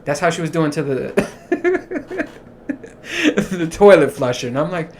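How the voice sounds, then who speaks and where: A man's voice: on the high side, sing-song, moderate pace, long pauses, slight background noise. A man hosting a podcast alone, rambling profanely and laughing at his own jokes. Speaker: podcast host. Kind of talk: casual solo monologue.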